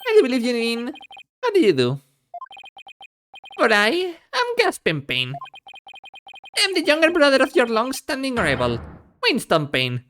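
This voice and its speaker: A man voicing a smug, pompous male prosecutor with a sneering, drawn-out delivery. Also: extremely high pitch, wildly swooping pitch, fairly bright tone, soft background music, pitched above the performer's own voice, full character voice.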